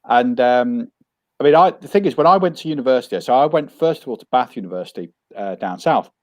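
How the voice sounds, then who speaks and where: A man from Coventry, a crime author, telling a lively anecdote in casual conversation and jumping his pitch up when quoting himself. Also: quick pace, no room sound. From Coventry, England. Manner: animated storyteller, jumps high when quoting himself.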